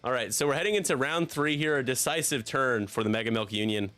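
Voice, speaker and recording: A man's voice: mid-range voice, quick pace, fairly bright tone, faint music behind. A man commentating a tabletop game on a live stream, joking and self-deprecating as he goes. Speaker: league commentator.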